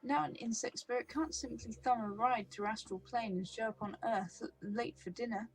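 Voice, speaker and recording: A woman voicing a flamboyant painted male elf with a high, teasing, sing-song delivery. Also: normal speed, natural voice, rough recording. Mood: lecturing.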